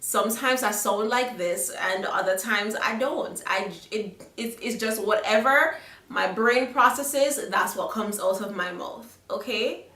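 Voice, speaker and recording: A woman's voice: mid-range voice, a little slow, sharp tone. A young woman with a Jamaican accent gives frank, chatty advice to camera in a casual vlog, often checking in with "okay?". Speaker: vlogger. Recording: roomy echo, a little far from the mic.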